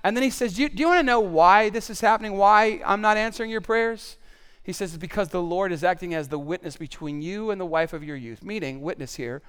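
A man preaching a sermon, animated and conversational, swinging between loud emphatic bursts and hushed, solemn passages. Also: high voice, brisk, clean tone. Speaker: pastor.

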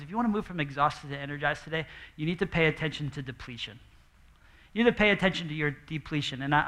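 Brief: young male pastor, high bright voice, chatty and animated, preaching on a stage. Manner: animated and conversational, acting out quoted voices. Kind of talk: sermon. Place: church stage before a congregation.

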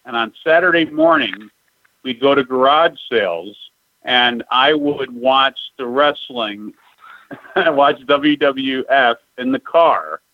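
A man's voice: mid-range voice, slow pace, no echo. A man in his fifties hosting a podcast, reminiscing in a nostalgic, reflective way in casual chat. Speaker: podcast host. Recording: dry, dull lo-fi audio.

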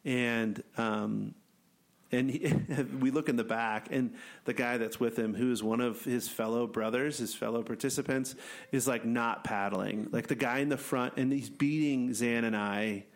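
Male storyteller, gravelly, mid-pitch, animated, laughs a lot, casual chat. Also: measured pace. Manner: animated storyteller, laughs often, acts out quotes. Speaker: wilderness ministry program leader.

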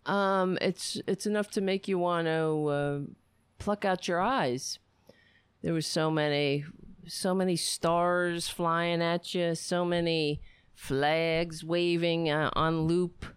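A woman hosts her own podcast from home and talks at a slow, unhurried pace. Her tone is sarcastic and her talk wanders into asides. Her voice sits a little low, and the sound is dry and close. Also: fairly even intonation, smooth, no room sound. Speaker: podcast host. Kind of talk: casual political commentary.

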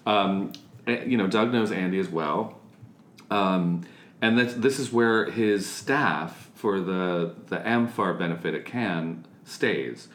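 A man with a somewhat low voice chats casually, rambling through his story with plenty of fillers. The room around him is echoey. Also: takes it slowly, fairly bright tone. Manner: rambling, frequent fillers, laughs along. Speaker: conversation participant. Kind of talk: casual chat.

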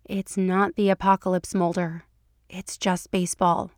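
A woman voicing a calm, dry-humored female agent who answers her partner patiently and teases him gently, in an audio reading of fan fiction. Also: fairly low pitch, unhurried, no echo, close to an everyday voice.

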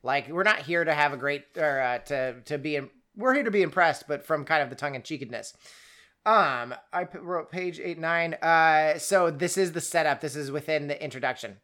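This podcast co-host reviews a book in a rambling, animated way, often breaking off mid-sentence and starting over. The chat is full of jokes and quoted asides. The voice is mid-range and the pace is normal.

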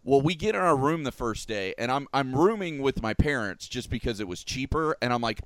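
A man chatting casually on a podcast, telling animated stories and swearing freely. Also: medium pitch, a little fast, hardly any pauses. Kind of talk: casual chat.

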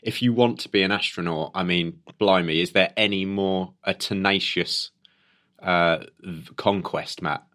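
A man's voice: deep voice, fairly even intonation, measured pace, a bit bright. A British man co-hosting a casual news chat, jokey and playful with sudden exclamations. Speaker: podcast co-host.

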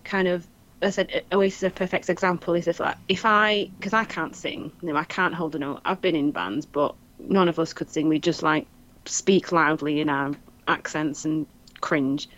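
A woman with a Manchester accent, co-hosting a casual chat and telling animated stories, acting out what people said. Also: deep voice, moderate pace, dull audio. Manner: animated storytelling, acts out quoted voices, laughs often. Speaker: podcast co-host.

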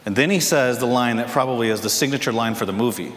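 A man preaching a sermon as pastor, telling a story in an animated way and acting out the lines. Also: mid-range voice, quick pace, a little hiss or hum. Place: church sanctuary. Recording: echoey church hall.

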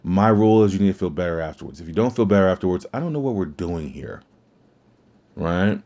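Blunt, swearing man with a low voice. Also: lively intonation, fairly quick, mellow. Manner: swears freely, blunt and opinionated. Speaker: podcast host. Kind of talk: casual rant on wrestling. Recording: dull lo-fi audio.

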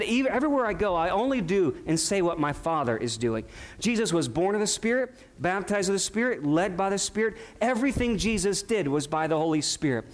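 A male pastor preaching a sermon, emphatic and full of rhetorical questions to his congregation. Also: high-pitched.

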